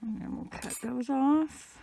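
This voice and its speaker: A woman giving a casual, patient step-by-step crochet tutorial, talking gently with the odd "um". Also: sits high, measured pace, creaky, a little hiss or hum. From Canada. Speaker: crochet instructor.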